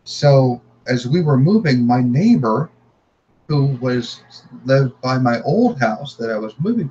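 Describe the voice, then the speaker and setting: A man's voice: mid-range voice, darkish tone, slight background noise. Earnest man telling a story, muffled audio. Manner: earnest, repeats himself while telling. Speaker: podcast guest. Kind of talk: storytelling in conversation.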